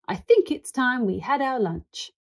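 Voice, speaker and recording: Lady reading as kind old shopkeeper guy, gentle, polite, bit fussy. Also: on the high side, lively intonation, unhurried, pitched above the performer's own voice. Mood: courteous. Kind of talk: children's storybook reading.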